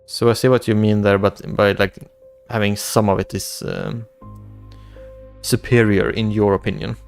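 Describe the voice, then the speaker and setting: A man's voice: on the low side, little pitch movement, moderate pace, vocal fry. A young man, hosting a casual livestream and reading chat aloud, rambling with repeated words and restarts. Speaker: livestream host. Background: faint background music.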